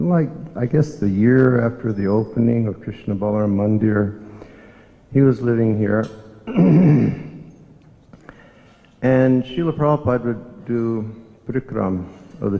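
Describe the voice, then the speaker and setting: An older man from the States, telling reflective stories in a devotional memorial talk, unhurried and reminiscing. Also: fairly low pitch, gravelly. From Southern United States. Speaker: monk giving a memorial talk. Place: temple hall. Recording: echoey hall, dull lo-fi sound.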